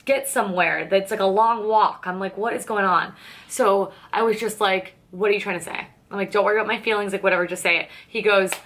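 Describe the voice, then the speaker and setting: A woman's voice: mid-range voice, fairly bright tone. A young woman chatting to camera as a beauty vlogger while doing her makeup, telling a dating story in a candid, sarcastic way, swearing freely and acting out both sides of the conversation. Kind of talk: casual chatty get-ready-with-me storytelling.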